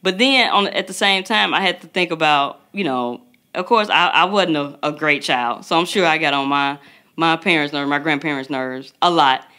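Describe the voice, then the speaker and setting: A woman in her thirties co-hosts a casual podcast about parenting. Her voice sits a little low but rings very bright and forward, and she tells stories with lively energy, jumping into the voices of the people in them. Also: normal speed. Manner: animated storytelling, acts out quotes. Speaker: podcast co-host. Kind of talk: casual chat.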